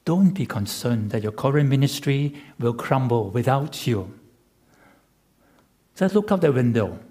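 A man preaching a sermon as pastor, measured and emphatic with rhetorical repetition. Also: medium pitch, expressive, mellow, slightly rough.

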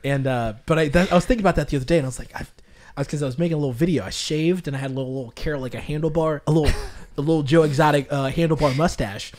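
A man's voice: fairly high pitch, rapid-fire, darkish tone. A young man co-hosting a casual podcast, joking and rambling with frequent laughter. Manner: jokey, rambling, bursts of laughter. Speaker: podcast co-host.

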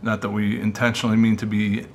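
A man filming a solo ghost-hunting vlog, excited and coughing, short of breath from the dust. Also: fairly low pitch, fast, a little hiss or hum. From United States. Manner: excited, exclaiming to viewers. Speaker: paranormal investigator vlogger.

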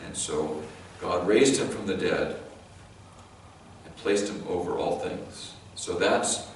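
A male pastor with a Californian accent preaching a sermon in a church sanctuary, talking conversationally with halting restarts and light joking. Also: deep voice. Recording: very echoey hall, mic far off, faint noise.

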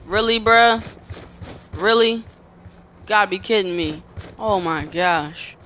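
A young man commentating his own gameplay, excitable, yelping and shouting in panic and repeating words rapidly. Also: sits high. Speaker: gamer. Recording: noisy game audio behind.

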